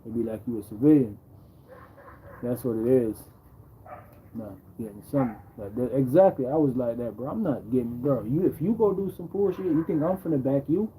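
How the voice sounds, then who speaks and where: A man's voice: mid-range voice, brisk, noisy background. A man hosting a livestream, talking casually and repeating himself, tagging "bro" onto his phrases. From Jamaica. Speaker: livestream host.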